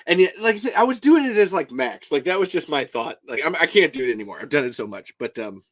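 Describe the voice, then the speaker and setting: A fairly high-pitched, sing-song American man talks fast while hosting a podcast. The chat is casual and rambling, full of restarts, and he swears and laughs often.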